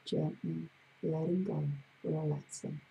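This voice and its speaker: A woman hypnotherapist with a gravelly voice, leading a slow, soothing guided breathing exercise. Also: deep voice, steady tone, mellow, slight background noise, poor audio. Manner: slow, soothing, drawn-out guidance.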